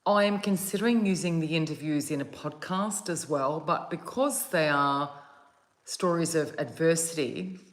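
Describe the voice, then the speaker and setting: Soft woman rambling to viewers on her phone, low voice, kinda echoey. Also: normal speed. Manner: soft, gentle and meandering, with yawns. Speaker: meditation channel host. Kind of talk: casual chat to viewers. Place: at home, outdoors on a calm day.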